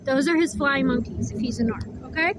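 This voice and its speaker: Blunt, high-voiced woman reading tarot. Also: brisk, background noise. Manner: blunt, profane, emphatic, chewing while talking. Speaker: tarot reader. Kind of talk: casual tarot reading vlog.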